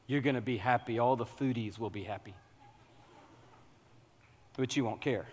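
A man preaching a sermon, animated and humorous, working up to loud, excited preaching. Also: medium pitch, long reverb tail. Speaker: pastor.

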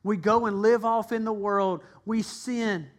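A man's voice: sits high, fairly even intonation, a little slow. A man pastor preaching a sermon, earnestly and emphatically, acting out the voices in his retelling. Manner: dramatic retelling with acted-out voices.

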